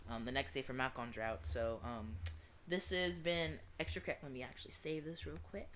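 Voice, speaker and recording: A woman's voice: a bass voice, fairly even intonation, normal speed, a bit bright, slight background noise. A woman playing a visual novel, reading the narration aloud with restarts and self-corrections, and breaking into candid, joking asides.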